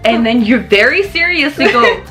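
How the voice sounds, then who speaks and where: A young woman hosting a casual storytime vlog, animated and swearing freely as she laughs through her stories. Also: fairly high pitch, moderate pace, faint music behind. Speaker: vlog host.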